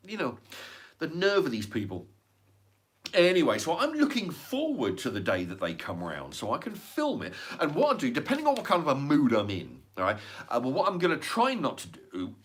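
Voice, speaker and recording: A man's voice: mid-range voice, a bit bright. An English man, middle-aged, ranting in a rambling casual monologue full of restarts and swearing. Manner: rambling, swears a lot, many restarts and fillers. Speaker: channel host.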